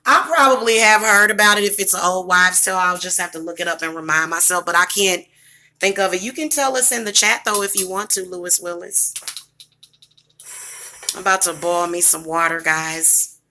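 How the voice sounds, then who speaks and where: A woman's voice: lowish voice, moderate pace, pushed and bright. A woman from the American Midwest with a Southern accent, chatting casually on a livestream, rambling and talking to her viewers. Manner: rambling, talks to chat viewers. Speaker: livestream host. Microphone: device camera.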